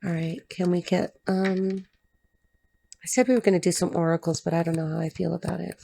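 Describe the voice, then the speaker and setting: A woman giving a casual tarot reading, blunt and excitable, swearing and talking straight to the cards. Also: lowish voice, fairly quick, creaky. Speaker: tarot reader. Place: dim room indoors.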